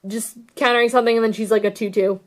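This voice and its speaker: A woman's voice: a little high, fairly even intonation, fast. A young woman casually chatting about her card deck, gushing and rambling with lots of fillers. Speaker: card game vlogger. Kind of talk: casual deck tech chat.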